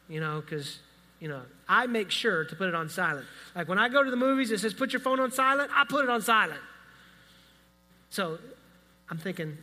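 A man preaching a sermon as a pastor, telling a story in a conversational, animated way with quick asides. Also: high voice. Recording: reverberant hall.

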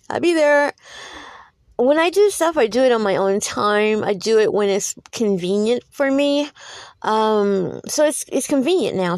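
A woman hosting her own podcast, talking on her own in a preachy, animated way, with many fillers and repeated words as she tells stories. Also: mid-range voice, no echo. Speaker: podcast host. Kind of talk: solo podcast monologue.

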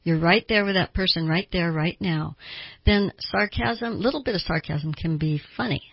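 A woman's voice: lowish voice, moderate pace, vocal fry, slightly rough, dry recording, dull audio. A woman therapist hosting a radio talk show, explaining things earnestly with small laughs.

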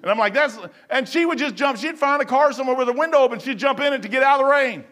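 A man preaching a casual sermon, rambling and folksy as he tells stories and reads scripture slowly. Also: extremely high pitch. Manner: reads scripture slowly, then trails off quietly.

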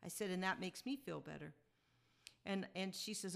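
A woman's voice: lowish voice, normal speed, creaky. A woman podcast host telling a personal story in a chatty, reflective way and chuckling as she goes.

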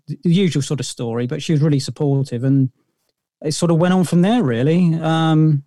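A man's voice: on the high side, brisk, warm tone, no echo, studio quality. A middle-aged man, a podcast guest telling long stories in a rambling way, full of fillers and restarts. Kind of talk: casual interview storytelling.

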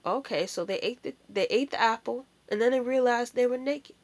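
A woman's voice: a little high, brisk. A woman giving an informal sermon, emphatic and full of rhetorical questions. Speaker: preacher.

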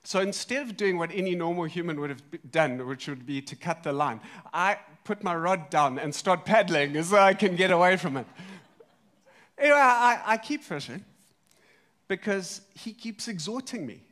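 A man preaching a sermon, telling a story in a lively way, swinging between loud and soft. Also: high-pitched, normal speed. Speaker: pastor.

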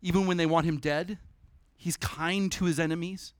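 A man preaching a sermon at a church service, animated and conversational, breaking into humorous asides. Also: fairly high pitch, moderate pace, clean tone, no echo.

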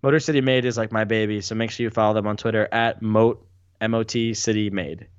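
A man's voice: fairly low pitch, fairly even intonation, fairly quick, smooth, dry recording. A man guesting on a podcast, talking in a rambling, hesitant way with many ums. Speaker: podcast guest, basketball writer. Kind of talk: casual chat. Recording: dull dry lo-fi sound.

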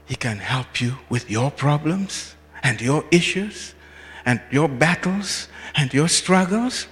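Pastor, male, fairly high voice, slow sermon delivery with loud and soft swings, recorded in a reverberant hall. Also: lively intonation. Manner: rising and falling preaching delivery, asks the congregation questions; repeats and restarts phrases.

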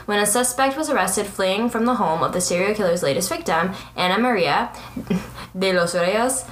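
A woman's voice: medium pitch, normal speed. Young woman, chatty podcast co-host, giggles while reading a case, stumbles on words, echoey room, faint hiss. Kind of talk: casual true-crime chat, reading aloud.

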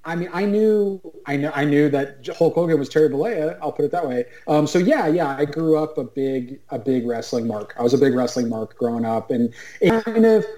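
A man's voice: a little high, expressive, a little fast, hardly any pauses, mellow, low-quality recording. A man, a writer and guest, talking casually over a video call, rambling with many fillers and restarts. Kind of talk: casual chat.

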